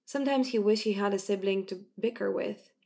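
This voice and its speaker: A woman narrating an audiobook in a steady, even storytelling manner. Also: medium pitch, brisk, gravelly.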